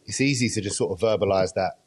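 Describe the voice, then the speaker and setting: A man hosts a podcast in casual chat. His voice sits very low and sounds husky. He speaks earnestly and with emphasis, dwelling on his points. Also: fast talker. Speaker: podcast host.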